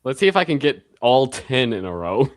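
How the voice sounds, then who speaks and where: A man's voice: medium pitch, very animated, moderate pace, no room sound. A young man streaming, chatting casually in a rambling way with lots of fillers and little laughs.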